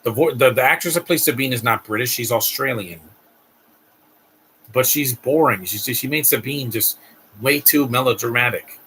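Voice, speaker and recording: A man's voice: medium pitch, normal speed, sharp tone, a little hiss or hum, poor audio. A man hosting a live stream, giving a blunt, ranting movie reaction commentary with frequent restarts.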